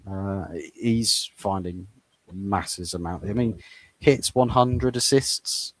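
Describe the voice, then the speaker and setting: A man's voice: lowish voice, slow pace, no room sound. A man giving opinionated football takes in a casual chat, often repeating words as he starts a thought. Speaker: co-host football pundit.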